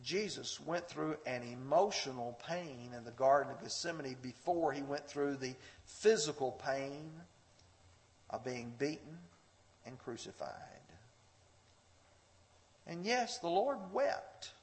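Slow, high-voiced preacher in echoing hall. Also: male voice, expressive. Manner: earnest, rising to fervent pleading when quoting scripture. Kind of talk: sermon. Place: church sanctuary. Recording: long hall reverb.

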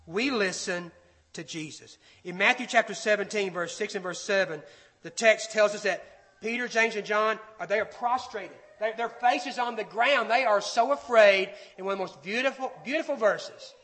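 A man preaching a sermon, emphatic and dropping to quiet, slow phrases for stress. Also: high-pitched. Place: church auditorium. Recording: echoey hall with long reverb.

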